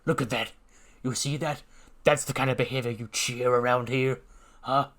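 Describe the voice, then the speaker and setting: A man's voice: medium pitch, steady tone, normal speed, close to an everyday voice. A man doing a taunting cult-leader wrestler. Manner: loud, taunting, theatrical promo delivery. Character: menacing adult male wrestler, cult leader, theatrical.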